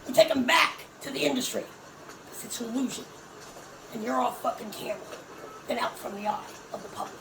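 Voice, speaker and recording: High, gravelly woman ranting from afar. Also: brisk, long pauses. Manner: profane, emphatic ranting. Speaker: commentator. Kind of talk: heated religious commentary. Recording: echoey room, distant mic, noisy.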